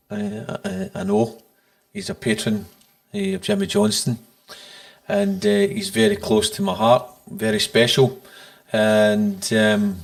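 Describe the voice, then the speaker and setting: A man's voice: mid-range voice, gravelly. A Scottish man hosting a podcast, chatting casually with many fillers. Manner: halting, many fillers, recounts quotes. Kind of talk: casual chat.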